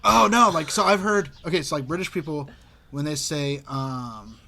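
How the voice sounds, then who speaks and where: A man's voice: a little high, normal speed, creaky, bright, forceful tone, a little hiss or hum. A young man co-hosting a podcast, rambling, laughing often and calling his friend dude. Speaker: podcast co-host. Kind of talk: casual chat.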